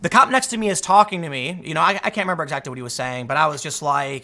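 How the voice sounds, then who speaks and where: A man hosting his own video, casually telling a personal story in an animated way. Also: on the high side, racing, few pauses. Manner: animated retelling, acts out the dialogue. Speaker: vlog host.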